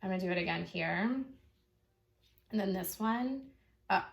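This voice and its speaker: A woman's voice: on the low side, normal speed, creaky. Young woman, art teacher, chatty and encouraging, talks kids through drawing, drifts off topic. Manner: chatty, encouraging, easily sidetracked. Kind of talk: online drawing lesson for kids.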